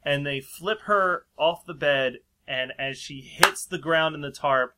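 A man's voice: fairly high pitch, measured pace, heavy background noise. A man casually telling a long story in a chat, rambling and laughing often. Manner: rambling, laughs often, acts out quoted voices.

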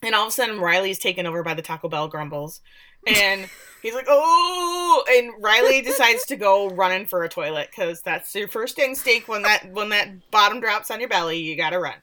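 A woman chatting loosely as she recaps a show, with lively energy and frequent laughs. She drops into the characters' lines as she goes. Her voice sits at a middle pitch. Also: fairly quick. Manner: animated, laughing, acts out the lines. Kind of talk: casual chat recapping a show.

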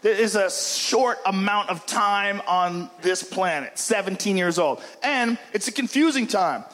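Loud profane stand-up comedian man. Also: high-pitched, expressive, a little slow. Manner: profane, shouting punchlines, acting out characters. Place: comedy club stage with laughing audience. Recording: live club recording with crowd laughter and noise.

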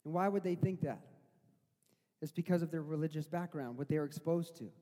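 A man with a notably high voice delivers a sermon. He talks in a loose, conversational way, then slows down and builds to loud, emphatic lines. His voice rings out with a long reverb from the hall. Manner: conversational preaching that swells to loud, slow emphatic quotes. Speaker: preacher.

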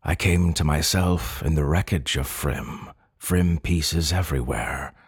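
A man with a very deep, breathy voice reads a first-person story in a slow, dramatic way. He is intense and often drops to a hush. The sound is close and dry, with no room around it. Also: dry recording. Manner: intense, drops to hushed whispers. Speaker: story reader.

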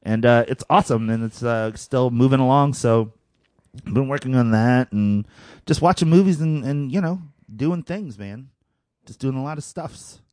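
A man's voice: mid-range voice, moderate pace, darkish tone, no echo, clean studio sound. A man co-hosting a podcast in casual chat, laid-back, laughing often and filling with "uh" and "you know". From Philadelphia. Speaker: podcast co-host.

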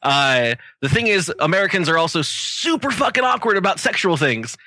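A man spinning a story for his podcast friends, cursing and leaning on "like" over and over. His tone is bright and pushy, sitting a bit high. The mic is close and dry. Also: big pitch swings, normal speed, no room sound. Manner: storytelling, profane, full of "like"s. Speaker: podcast co-host. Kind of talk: casual group chat.

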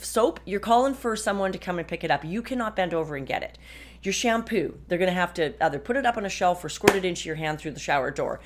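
A woman in her fifties hosting a podcast from her desk at home, talking frankly and chattily with some wry sarcasm. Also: fairly low pitch. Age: 50s. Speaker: podcast host. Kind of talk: casual personal monologue.

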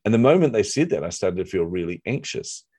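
A middle-aged man with a New Zealand accent, telling a personal story in a lively, self-deprecating way during a conversation. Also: sits low, fast, slightly rough, no room sound, studio quality. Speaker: author and marketer, guest.

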